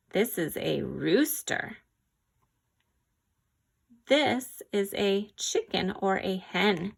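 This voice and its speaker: Slow, gravelly woman reading a picture book. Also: mid-range voice, very animated. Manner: slow, gentle read-aloud with animal sounds and quiz questions. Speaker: reader.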